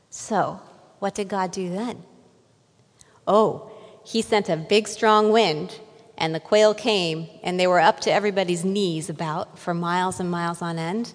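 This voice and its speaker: A woman's voice: fairly low pitch, steady tone, a little slow, big-room sound. A woman pastor preaching a sermon in a conversational way, putting questions to the congregation.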